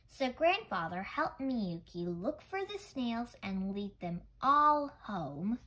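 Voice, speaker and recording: A woman reads a children's picture book aloud in a gentle, careful manner, now and then tripping over a word. Her voice sits on the higher side, and she takes her time with every line. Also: big pitch swings, slow, hardly any pauses, poor audio. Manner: gentle, careful, small misreadings. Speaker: storybook reader. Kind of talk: read-aloud children's story.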